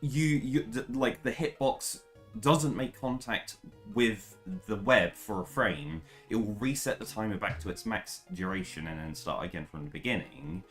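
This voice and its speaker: A young woman speedrunning a game, commentating live, swearing freely and ranting in frustration before rushing into technical explanations. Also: rumbling low, faint music behind. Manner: swears a lot, rants in frustration, then explains in a rush.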